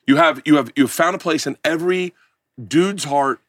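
A man hosting a cooking show as casual comedic banter, loud and boisterous, often repeating himself. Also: fairly high pitch, moderate pace, dry recording. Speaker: host.

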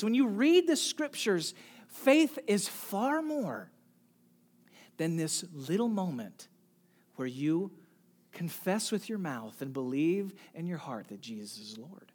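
Slow, lively-pitched pastor preaching, goes from almost whispering to shouting, keeps asking the church questions. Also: slightly rough. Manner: swings from soft near-whispers to loud emphatic calls; asks the congregation direct questions. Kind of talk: sermon.

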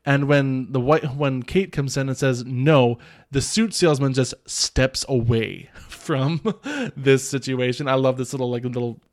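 A man's voice: medium pitch, steady tone, a little slow. A man in a mid-range voice talks through a film scene by scene in a loose, chatty podcast manner. He rambles, piles on filler words and backtracks as he goes, chuckling now and then. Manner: rambling, many filler "like"s and restarts, chuckles often. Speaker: podcast host reviewing a film. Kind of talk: casual film recap.

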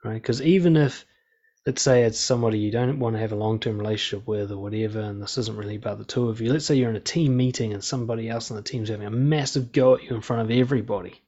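A man talking in a casual monologue about conflict and respect, frank and profane but calm and steady. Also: fairly low pitch, fast. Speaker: speaker on relationships and conflict. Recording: slightly dull lo-fi sound.

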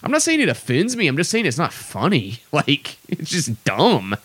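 A man's voice: fairly high pitch, huge pitch swings, normal speed, a bit bright, breathy edge, no room sound. A young man hosting a podcast, ranting casually in an exasperated, sweary, rambling way. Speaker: podcast host. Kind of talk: casual solo rant.

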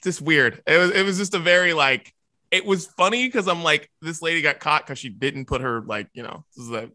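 A man co-hosting a casual podcast chat, animated and jumping up in pitch to make a point. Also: a little fast. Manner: animated, jumps high in pitch for emphasis. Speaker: podcast co-host.

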